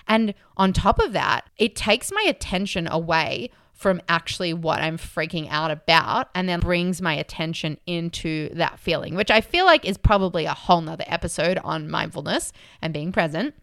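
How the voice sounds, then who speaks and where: Animated woman chatting, smooth dry voice. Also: lowish voice, moderate pace, few pauses, dry recording. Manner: animated, acts out her own inner voice. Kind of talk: casual chat about mindfulness.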